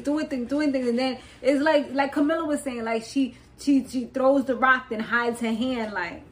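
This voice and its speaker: A young woman hosting a podcast, casually recapping a reality show in an animated, slangy way, laughing often and wandering into side notes. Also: high voice, normal speed, few pauses, a little hiss or hum, poor audio. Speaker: podcast host.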